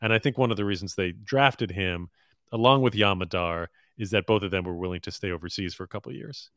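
Male co-host, slightly low pitch, dry booth sound, relaxed and opinionated. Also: fast talker, no echo. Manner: easygoing, opinionated, with fillers. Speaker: podcast co-host. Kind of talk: casual basketball chat.

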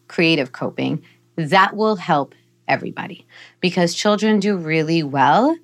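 A middle-aged woman with a somewhat low voice talks as a psychologist guest on a parenting podcast. She explains things earnestly and patiently, like a teacher. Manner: earnest, explanatory, playfully animated in examples.

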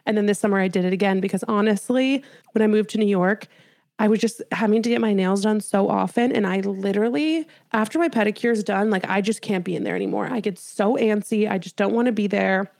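Creaky-voiced young woman podcast co-host. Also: medium pitch, fairly quick, no room sound, studio quality. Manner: chatty, animated storytelling. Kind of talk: casual chat.

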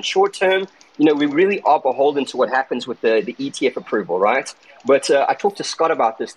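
South African man, husky voice, mid pitch, emphatic market talk with lots of "okay?" tags. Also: low-quality recording. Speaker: crypto trader and guest speaker. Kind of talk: casual market commentary in an online audio room.

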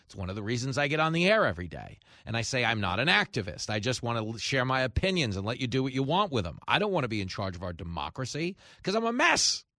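A man's voice: mid-range voice, big pitch swings, fast, hardly any pauses, pushed and bright, no echo, studio quality. A man hosting a talk radio show, delivering a sarcastic, opinionated monologue full of asides. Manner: sarcastic, riffing with acted-out quotes. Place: radio studio.

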